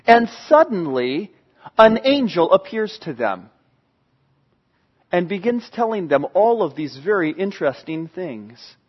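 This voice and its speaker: A man telling a sermon story to an audience in an excitable, animated way. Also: high-pitched, normal speed, husky, lo-fi sound. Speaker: storyteller preacher.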